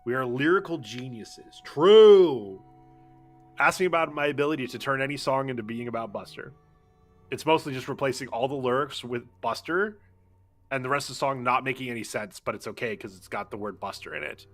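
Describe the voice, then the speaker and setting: A young man streaming a game, his voice bright and forward. He riffs and jokes with an irreverent, profane edge, and soft music plays underneath. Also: medium pitch, fairly quick. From United States. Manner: joking, irreverent, swears freely. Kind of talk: casual gaming commentary.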